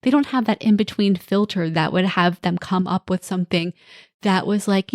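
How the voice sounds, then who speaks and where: A woman talks as a parenting coach on her own podcast. Her voice sits in a middle range and comes across plain and direct. She reassures her listeners while acting out quick lines from kids and parents. The sound is dry and close, with no room around it. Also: medium pitch, a little mellow, no echo. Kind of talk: solo podcast talk.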